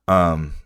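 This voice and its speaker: A man's voice: a bit bright, no echo, clean studio sound. A man hosting a music reaction video, ranting in a casual, profane way.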